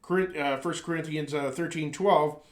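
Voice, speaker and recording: Male narrator, slightly high-pitched, reads an essay earnestly and steadily. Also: steady tone. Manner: earnest, measured, with occasional stumbles and throat clearing. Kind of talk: reading a personal essay aloud.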